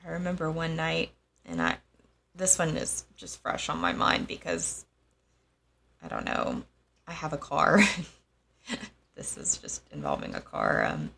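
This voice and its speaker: Low, gravelly young woman, halting. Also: huge pitch swings. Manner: halting, soft-spoken, with frequent pauses and fillers. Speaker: host. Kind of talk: personal storytelling monologue.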